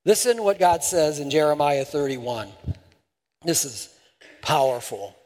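A man preaching a sermon and leading a prayer, stressing points by repeating words and swinging from loud to soft. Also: a little high, very animated, a little slow, in a large hall. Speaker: pastor.

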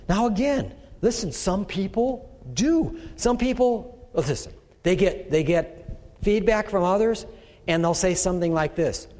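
A man preaching in an easy, talky way, often turning to the congregation with rhetorical questions. His voice sits a little above the usual male pitch. It rings out with the long echo of a large church hall. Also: expressive, moderate pace, darkish tone. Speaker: pastor. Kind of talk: sermon teaching.

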